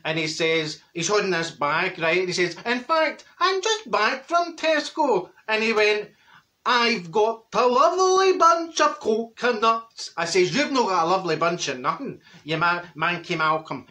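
Man doing a cheeky older Glasgow woman, Glaswegian accent, high-pitched, bright and piercing, gossipy storytelling, comic monologue. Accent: Glaswegian Scottish. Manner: gossipy storytelling, mimics neighbours, cackles at own jokes.

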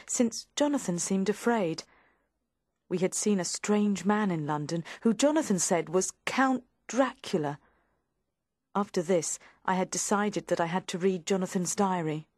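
A woman reading a first-person story aloud at a mid pitch, plainly and evenly. The recording is dry and close, with no room sound. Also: darkish tone, no echo. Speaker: audiobook narrator. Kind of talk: scripted first-person narration.

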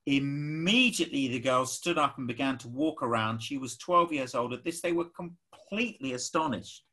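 A man with an English accent preaching a sermon, emphatic and animated, acting out the people he quotes. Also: mid-range voice, moderate pace.

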